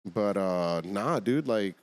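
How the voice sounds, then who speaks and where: A man, a podcast guest, talking in relaxed slang in a casual chat. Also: lowish voice, slow pace. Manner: laid-back slang, calls people dog and bro.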